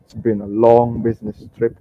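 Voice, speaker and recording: A man's voice: mid-range voice, level tone, normal speed, highs cut off, close to an everyday voice. A man voicing a sly male merchant who puts on a breezy accent and drops it to speak coldly. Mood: smarmy.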